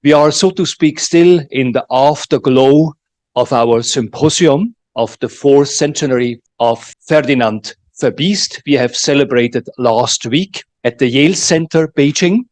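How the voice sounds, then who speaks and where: A man's voice: mid-range voice, measured pace, a little mellow, no echo. Man formally introducing a speaker. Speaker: forum host introducing the speaker.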